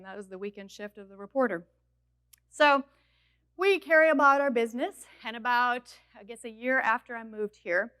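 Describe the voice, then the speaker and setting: A woman in her forties from Minnesota speaks at a college chapel, sharing her own story of moving south and coming to faith. She tells it like a conversation, lively and direct, with asides to the audience, in a fairly high voice. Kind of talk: personal testimony talk.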